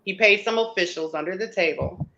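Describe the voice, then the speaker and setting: Woman guest telling her story hard and emphatic, bright sharp voice, kinda muffled lo-fi sound. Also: fairly low pitch, fairly quick. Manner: emphatic, acts out quoted dialogue. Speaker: interview guest. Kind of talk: personal storytelling in an interview.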